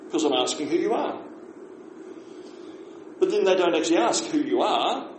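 In a relaxed class, a man with a New Zealand accent teaches beginner Māori phrases, explaining slowly and repeating words for his learners. His voice sits high, and the room echoes with faint noise.

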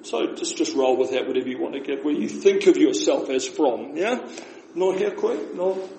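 A man with a New Zealand accent, teaching beginner Māori phrases in a relaxed class, explaining slowly and repeating words for his learners. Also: medium pitch, creaky. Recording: echoey room with faint noise.

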